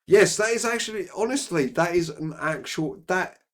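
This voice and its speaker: A man's voice: high voice, normal speed, a bit bright. A man co-hosting a casual chat, rambling and piling on filler phrases. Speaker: co-host.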